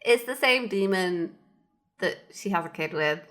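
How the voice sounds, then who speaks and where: A woman's voice: medium pitch, lively intonation, unhurried, fairly bright tone. Chatty woman podcast host. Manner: chatty, lots of fillers, acts out lines from the show. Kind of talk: casual chat recapping a TV episode.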